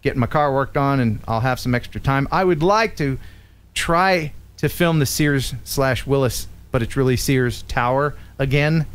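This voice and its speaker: A man's voice: mid-range voice, moderate pace, clear, resonant tone. A man hosting a casual live stream, chatting with a co-host and viewers and making playful jokes.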